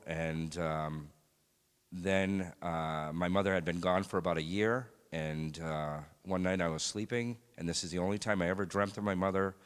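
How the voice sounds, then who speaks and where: A man sharing a personal faith testimony in a church, speaking in a halting, reflective way with many pauses and fillers. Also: low-pitched, a bit bright, clear, resonant tone. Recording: long hall reverb.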